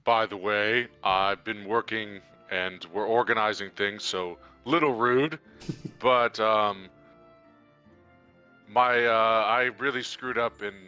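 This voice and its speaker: A man's voice: lowish voice, fairly even intonation, takes it slowly, pushed and bright, clean tone, highs cut off, soft background music. A man playing in a tabletop game, talking casually and rambling with lots of "like" and restarts. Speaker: player. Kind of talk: casual tabletop role-play.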